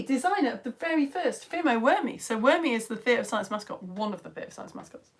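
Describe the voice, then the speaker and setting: A woman, hosting a live science stream and chatting excitedly with viewers, her voice a little tired. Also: on the high side, quick pace, few pauses. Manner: animated, reads comments aloud, jumps between loud greetings and quiet asides. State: tired voice at end of term. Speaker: science show presenter.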